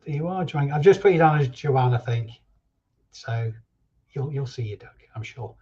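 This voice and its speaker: Jokey stream host reading chat names, mellow voice, slightly muffled home recording. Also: male voice, medium pitch, animated, normal speed. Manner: chatty and jokey, reading viewer names aloud. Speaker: reseller livestream host. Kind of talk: casual live-stream chat.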